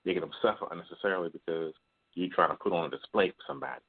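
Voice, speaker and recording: Lowish-voiced guy calling in, blunt and cussing, tinny phone sound. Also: steady tone, racing, breathy edge. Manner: blunt, profane storytelling, acts out quoted voices. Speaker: caller. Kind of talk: call-in confession.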